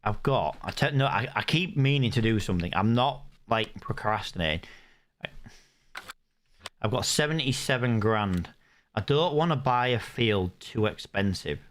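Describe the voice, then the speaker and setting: A man's voice: on the low side, expressive, moderate pace, a bit bright. A young British man chatting to his live chat and thinking aloud as he plays a game on stream. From United Kingdom. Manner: chatty, thinks aloud while playing, reads chat comments. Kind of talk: live gaming stream commentary.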